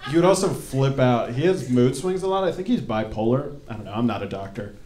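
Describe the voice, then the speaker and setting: A young man performing a stand-up comedy set on stage, telling animated stories and acting out his dad's lines. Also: medium pitch, a little fast, a little hiss or hum. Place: stage in a hall before a live audience. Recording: echoey hall with crowd. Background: audience laughter.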